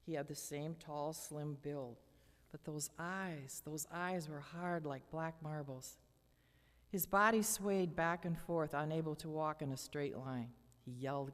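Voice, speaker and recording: An older woman reading her personal memoir aloud at a lectern, with measured, dramatic storytelling. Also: sits low. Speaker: memoir reader. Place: church hall lectern. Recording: long church hall reverb.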